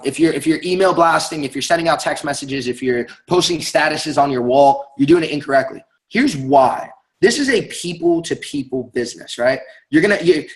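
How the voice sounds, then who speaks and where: A young man giving an energetic motivational sales talk, emphatic and fond of tagging lines with "right?". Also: a little high, rough recording. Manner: energetic, emphatic, repeats words and asks "right?". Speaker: network marketing speaker.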